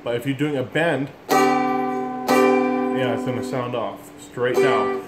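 A man's voice: medium pitch, wildly swooping pitch, slow. A middle-aged man giving a casual music lesson, explaining bluntly and rambling, calling himself an ass for it. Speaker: instrument teacher. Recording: echoey room with instrument playing.

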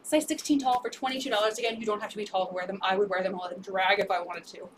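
A woman's voice: medium pitch, steady tone, rapid-fire, recorded from a distance, slight background noise. A woman selling secondhand clothes on a live stream, upbeat and repeating sizes, prices and item numbers. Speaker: resale live-stream seller. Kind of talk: live sales pitch.

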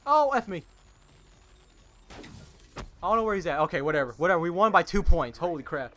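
A young man gives live commentary as he plays, his voice bright and a touch high for a man. He is jumpy and excitable, calls out to his teammates and fills his sentences with "like". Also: racing. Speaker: gaming channel host.

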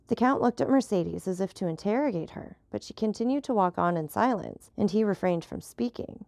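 A woman reads a classic novel aloud at a steady storytelling pace. Her voice has a gravelly texture. The recording is dry, with no room sound. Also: mid-range voice, brisk, few pauses, dry recording. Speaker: audiobook narrator.

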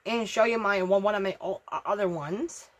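A woman's voice: mid-range voice, a little fast. A woman hosting a gaming channel, talking casually over gameplay, stammering and repeating herself, swearing and easily riled. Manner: stammering, repetitive, profane, excitable.

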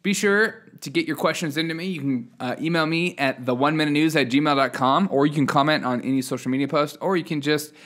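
A man's voice: fairly high pitch, fairly quick, few pauses, fairly bright tone. A man hosting a casual news podcast, reading headlines with sarcastic, chuckling asides and a loose, unscripted manner. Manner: loose, unscripted delivery with fillers. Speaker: podcast host.

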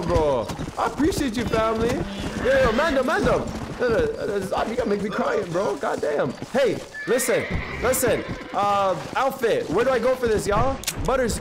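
A young man giving excitable, slang-heavy live commentary while streaming a video game and chatting with his viewers. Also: sits high. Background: game music.

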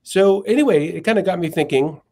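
A male philosopher and author, guesting on a podcast, tells stories thoughtfully and sometimes hunts for words. His voice is high-pitched, brisk, and dark in tone.

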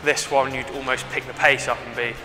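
A young man, a rugby winger explaining his sprint drills in a halting, casual way full of "like" and "basically". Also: medium pitch, little pitch movement. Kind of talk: casual demonstration chat. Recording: reverberant space with faint music.

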